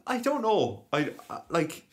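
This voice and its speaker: A man's voice: a little high, sing-song, unhurried. A man on a podcast who rambles, restarts his sentences and laughs often in casual chat.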